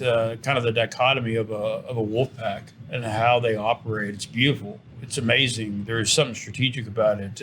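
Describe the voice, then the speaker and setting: A middle-aged man, a company owner, giving an earnest interview pitch for his business and often repeating words as he restarts. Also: a bit bright, slight background noise. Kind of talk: promotional interview talk.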